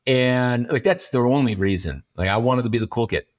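A man's voice: mid-range voice, brisk. A man speaking as an interview guest, frank and rambling, swearing freely and restarting his sentences often. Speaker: guest entrepreneur. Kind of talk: candid conversational interview.

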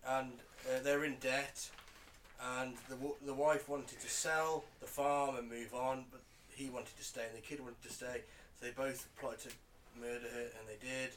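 A man's voice: medium pitch, flat delivery, moderate pace, a bit bright, a little hiss or hum. A British man co-hosting a casual podcast, rambling through stories in a dry way, his voice fading at phrase ends, recorded in a living room. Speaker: podcast co-host. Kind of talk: casual chat. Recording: a bit off-mic, faint room ambience.

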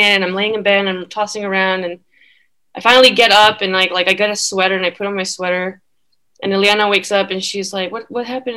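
A woman's voice: medium pitch, pushed and bright. A young woman guest telling a personal story in casual chat, full of fillers. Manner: chatty, many fillers.

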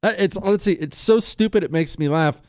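An emphatic male talk radio host whose speaking voice sits a little higher than usual. He drives his points with sarcasm and mocking asides. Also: moderate pace, a little mellow.

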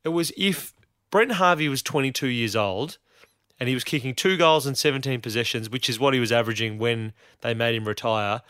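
A man with an Australian accent, a guest on a sports podcast, talking about his club in a wry, self-deprecating way full of quick asides. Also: mid-range voice, fairly bright tone, smooth, no room sound, studio quality. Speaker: guest supporter. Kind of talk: casual sports chat.

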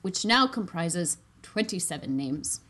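A woman's voice: lowish voice, very animated, a little slow, fairly bright tone, exaggerated voice. Officious prim lady read by a woman, stiff formal lecturing, storybook reading. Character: prim, officious middle-aged woman, bossy busybody.

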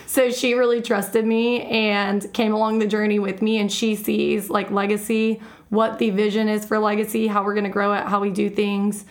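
A woman's voice: medium pitch, level tone, normal speed, few pauses. A woman who leads a real estate team, chatting and laughing easily in a casual interview.

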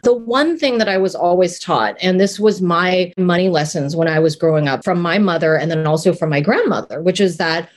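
Middle-aged woman, podcast co-host, low-ish voice, animated and laughing. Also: a little fast, few pauses. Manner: lively, laughing, animated storytelling. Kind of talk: casual conversation.

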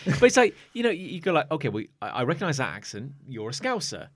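A man's voice: fairly high pitch, very animated, fast talker. A British man co-hosting a podcast, chatting casually with many restarts and fillers. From Britain. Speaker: podcast co-host. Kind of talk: casual comedic chat.

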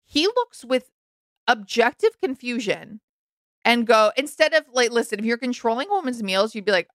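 Young woman, podcast co-host, bright tense tone, gravelly fry, dry close mic, animated and frank. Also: fairly high pitch, moderate pace, no echo. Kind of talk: casual recap chat.

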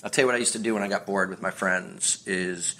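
Man, middle-aged, from the US, low voice, rambling casual storyteller. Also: fairly even intonation, fast talker, pushed and bright. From United States. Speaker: guest. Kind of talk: casual podcast chat.

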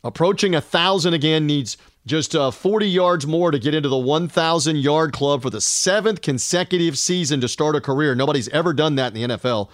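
An upbeat man with a fairly high voice hosts a sports podcast, talking in long run-on stretches full of fillers. The sound is dry and close, with no room echo. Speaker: podcast host.

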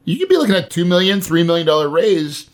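Brief: male interview host, slightly high voice, casual and emphatic, leans on slang. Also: very animated, quick pace. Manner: loose, slangy, emphatic talk with many "right?" asides. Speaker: podcast host.

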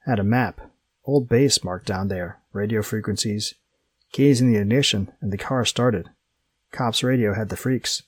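A man's voice: fairly low pitch, measured pace, breathy edge, no room sound. A man voicing a guilty dying young man who speaks weakly in broken short phrases. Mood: weak, pained.

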